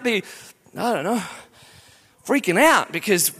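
Male preacher, very high voice, bright tone, playful and exclamatory sermon with frequent laughter. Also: big pitch swings, normal speed. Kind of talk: lively sermon.

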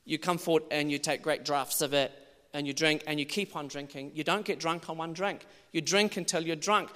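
High-voiced man preaching in reverberant hall. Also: a little fast. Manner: animated storytelling, swings from hushed to loud. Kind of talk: sermon with personal testimony. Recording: long church reverb.

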